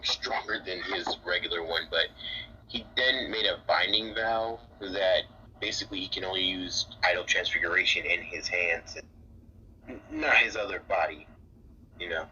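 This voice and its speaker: A young man recapping a story in a rambling, halting, mumbly way. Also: sits low, bright, forceful tone. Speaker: co-host. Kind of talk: casual fan recap. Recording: dull lo-fi mic with faint hiss.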